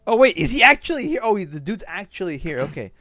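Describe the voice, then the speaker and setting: A man streaming a game, casually reading cutscene dialogue aloud and tossing in quick asides. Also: sits high, sing-song, sharp tone, no room sound, studio quality. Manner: reads cutscene lines aloud and reacts with quick asides and laughs.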